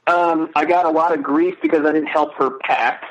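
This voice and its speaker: A middle-aged man talks as a guest in a casual interview. His voice sits somewhat high, and he speaks earnestly and emotionally, with halting starts. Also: fairly even intonation, fairly bright tone, slight background noise, poor audio.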